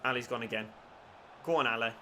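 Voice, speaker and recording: A young man commentating on his football video game, muttering one moment and yelling the next. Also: medium pitch, fast, a little hiss or hum. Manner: swings from hushed muttering to yelling celebrations. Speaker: gaming YouTuber. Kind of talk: excited gameplay commentary.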